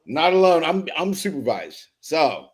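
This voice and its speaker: A man whose voice is on the high side, with big pitch swings and a slightly slow pace, hosts a BMX live show. He reads chat comments aloud and teases viewers by name with loose, profane jokes, laughing often.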